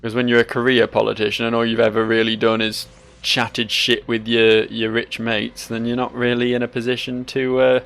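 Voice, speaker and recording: A man's voice: medium pitch, completely flat delivery, normal speed, few pauses, a bit bright, smooth, faint music behind. A sleep-deprived man, giving rambling, sweary gameplay commentary full of self-mocking asides. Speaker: let's play host.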